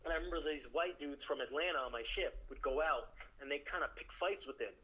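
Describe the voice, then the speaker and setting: A Navy veteran telling stories in casual chat, acting out the people in them. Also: male voice, on the high side, fast talker, husky, dull audio. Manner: animated, acts out the people in his stories.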